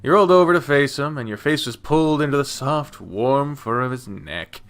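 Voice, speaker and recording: A man playing through a story game, reading the narration in a soft voice. He breaks in with off-hand, profane remarks in a plain, middle-pitched voice. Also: lively intonation, moderate pace, clean tone, soft background music. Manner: casual, swears freely, reads the narration softly, then breaks out into loud commentary. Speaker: game streamer. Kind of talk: reading a visual novel aloud with commentary.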